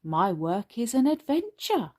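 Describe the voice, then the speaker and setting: A jolly, playful father pig with a hearty, drawn-out delivery, as a woman puts him on while reading aloud. His lines come slowly and with lively swings of pitch. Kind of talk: storybook character voice.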